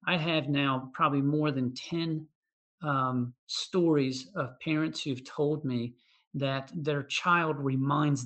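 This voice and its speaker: Gravelly-voiced man explaining patiently. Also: a little high, a bit bright. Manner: explanatory, many restarts and "you know" fillers. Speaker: physician assistant guest. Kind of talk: conversational medical interview.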